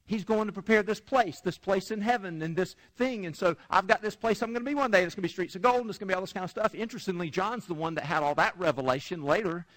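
A man's voice: high voice, fast, few pauses, a bit bright. A man preaching a sermon in a conversational way, retelling scripture in his own words. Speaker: pastor.

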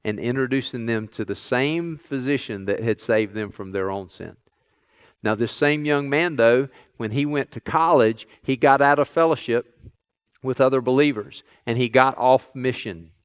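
A man's voice: mid-range voice, moderate pace, smooth, dry recording. A man preaching a sermon, earnestly retelling stories in others' words. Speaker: pastor.

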